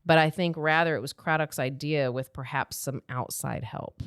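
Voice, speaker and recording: A woman podcast host chats casually and wryly, recapping a romance novel with loose asides. Her voice is low and smooth, and it sits close and dry on the mic with no room sound. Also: fairly even intonation, moderate pace, no echo. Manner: wry, loose summarizing with asides. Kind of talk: casual comedic book-club chat.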